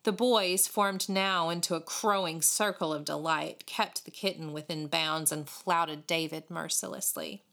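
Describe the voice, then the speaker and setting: A woman reading a storybook aloud in an expressive, animated way. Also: deep voice, unhurried, vocal fry, few pauses. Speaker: audiobook reader. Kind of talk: storybook narration.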